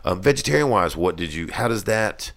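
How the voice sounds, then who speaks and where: A man with an extremely low, rumbling voice talks casually. He rambles with many ums and restarts and swears freely as he chats. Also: expressive, a little fast, fairly bright tone. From Tennessee. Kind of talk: casual chat.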